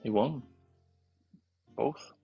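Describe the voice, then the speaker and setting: A man's voice: medium pitch, drawn-out words, vocal fry, slightly rough, dull audio, faint music behind. A man chatting casually on a live stream as a co-host, upbeat and chatty.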